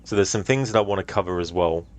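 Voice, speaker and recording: A man casually commenting on a game he is streaming, relaxed and answering chat with many ums. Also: low-pitched, quick pace. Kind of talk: casual let's-play commentary.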